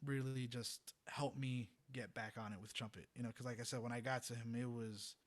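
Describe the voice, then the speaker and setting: A young adult man, a trumpet player, telling a story as a podcast guest in a rambling, animated way, laughing often and filling with "you know". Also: medium pitch, a little fast. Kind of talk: casual storytelling in a podcast interview.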